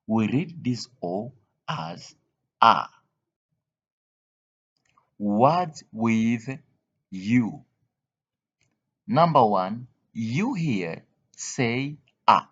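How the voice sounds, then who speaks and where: A man's voice: mid-range voice, lively intonation, fairly bright tone, breathy edge. A man teaching English pronunciation, reading word lists aloud one word at a time and explaining the spelling rules. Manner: slow, deliberate drilling of single words. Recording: dull lo-fi recording.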